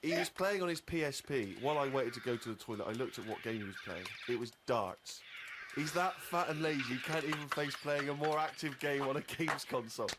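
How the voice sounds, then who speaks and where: A man's voice: medium pitch, fairly quick, very noisy. A middle-aged man, reading a diary aloud in a dry way on a comedy show, laughing between entries. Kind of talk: reading aloud with comic asides.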